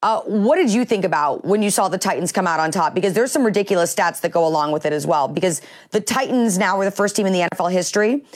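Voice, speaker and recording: A woman hosting a morning talk show, steering casual banter from topic to topic at a steady pace with "uh" fillers. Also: on the low side, quick pace, few pauses.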